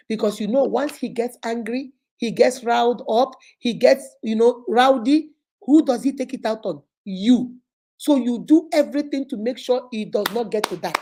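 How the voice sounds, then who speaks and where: A woman's voice: fairly high pitch, warm tone. A woman hosting a live motivational talk, speaking emphatically and repeating her points. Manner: emphatic, preachy, repetitive. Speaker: host.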